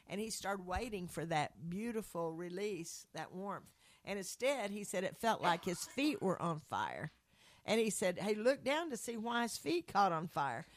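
A woman's voice: medium pitch, animated, moderate pace. A woman telling a religious testimony story to a group in an earnest, rambling conversational way, with frequent restarts. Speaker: speaker sharing a faith testimony.

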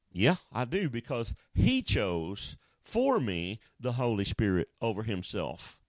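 A man's voice: mid-range voice, sing-song, slow, no echo. A male pastor preaching a sermon in a folksy, conversational way, often restarting his sentences.

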